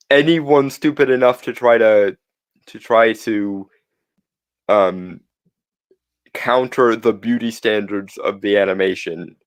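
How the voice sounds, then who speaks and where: A man's voice: on the low side, no echo. A man co-hosting a podcast in casual chat, with a sardonic, mock-threatening manner. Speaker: podcast co-host.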